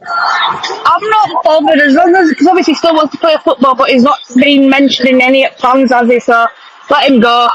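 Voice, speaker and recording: A woman's voice: high voice, steady tone, moderate pace, a bit bright, muffled recording, slight background noise. A woman on a fan podcast giving offhand, blunt opinions. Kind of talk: casual fan podcast chat.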